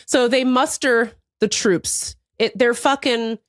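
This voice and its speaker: A woman's voice: a little high, steady tone, takes it slowly, hardly any pauses, no room sound, studio quality. An American woman co-hosting a podcast, telling a story with lots of swearing and laughter. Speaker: podcast co-host. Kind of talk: casual chat.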